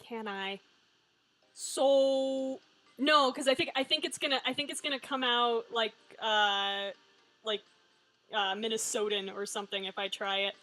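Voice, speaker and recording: Woman streamer, higher pitch, sarcastic and swears freely, faint game music underneath. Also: sharp tone, poor audio. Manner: wry, joking, swears freely. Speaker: streamer playing a story game. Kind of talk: casual live-stream commentary, reading game lines aloud.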